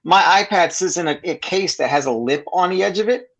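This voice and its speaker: Man, artist, calm and explanatory, a touch high-pitched. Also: a little fast. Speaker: artist co-host. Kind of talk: casual chat.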